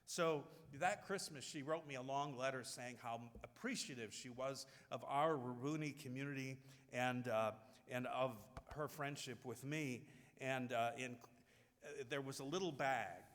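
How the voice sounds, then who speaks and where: A man preaching a sermon in a church with a long echo trailing off his words. His pitch sits in a middle range, and he tells stories in a heartfelt way, often restarting his sentences. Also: unhurried, fairly bright tone. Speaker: pastor.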